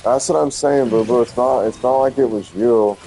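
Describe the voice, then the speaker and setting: A man's voice: medium pitch, normal speed, mellow, slight background noise, rough recording. A man chatting casually while playing a game, teasing his friend with profane banter. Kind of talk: casual chat.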